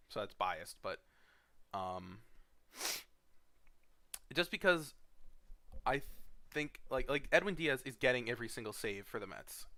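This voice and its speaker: A man's voice: medium pitch, bright, forceful tone, dry recording, clean studio sound. A young man, a fantasy league commissioner, rambling through a casual recap with lots of fillers and blunt, profane asides, sleepy and yawning. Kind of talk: casual screen-share commentary.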